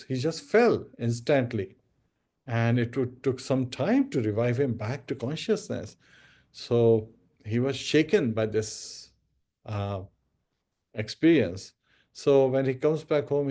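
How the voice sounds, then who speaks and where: A man's voice: medium pitch, dark tone. A man giving a devotional discourse, telling a story and addressing listeners as devotees. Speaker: spiritual speaker.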